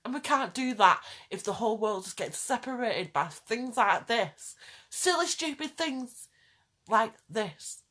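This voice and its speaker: A woman's voice: fairly high pitch, lively intonation, unhurried, bright, forceful tone. Impassioned woman ranting to camera. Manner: urgent, pleading, repeats phrases for emphasis. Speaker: vlogger. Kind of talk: impassioned direct-to-camera rant.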